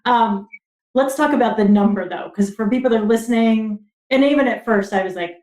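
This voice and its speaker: A woman's voice: medium pitch, fast talker, distant mic. Enthusiastic woman host in a roomy space. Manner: enthusiastic, affirming. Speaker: podcast host. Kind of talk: podcast interview.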